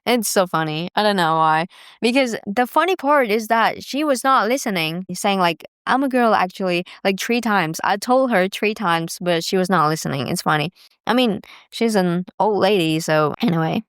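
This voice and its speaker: A woman's voice: medium pitch, lively intonation, normal speed, smooth, no echo, clean studio sound. A young woman casually telling stories to the camera, chatty with lots of fillers and laughs. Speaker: vlogger.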